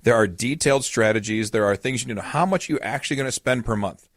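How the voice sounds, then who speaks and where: A man's voice: medium pitch, fast, no echo, studio quality. A man hosting a podcast as a retirement coach, explaining in a casual, storytelling way with everyday examples.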